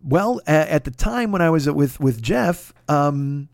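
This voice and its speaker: A man's voice: on the high side, animated, measured pace, creaky, dry recording, studio quality. A man hosting a podcast, telling a rambling, profane, confessional story in a casual monologue. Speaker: podcast host.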